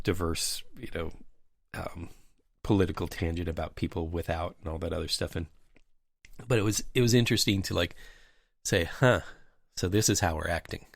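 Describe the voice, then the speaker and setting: A man's voice: low voice, gravelly, no echo, clean studio sound. A man hosting a podcast, telling a rambling anecdote in casual chat with many fillers. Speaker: podcast host. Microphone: remote call mic.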